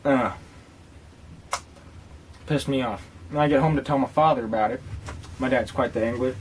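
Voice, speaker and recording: A man's voice: medium pitch, moderate pace, slight background noise. Rambling, profane man telling stories. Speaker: tobacco dip reviewer. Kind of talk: casual vlog storytelling.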